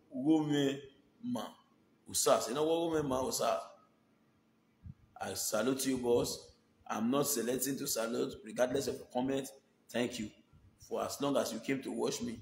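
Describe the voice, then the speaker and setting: A man's voice: medium pitch, reverberant. A Nigerian man chatting casually and thanking his viewers by name, mixing Pidgin with English. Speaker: online video host. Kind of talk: casual shout-outs to viewers.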